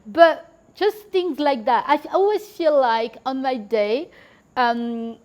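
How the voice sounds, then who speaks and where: A woman talking as a podcast guest in a loose, chatty way. Her voice sits a little high, and her talk is full of "like" and "you know". She laughs now and then as she tells her stories. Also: slow, darkish tone. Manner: chatty, heavy use of filler "like" and "you know"; laughs while telling stories. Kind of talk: casual conversational storytelling.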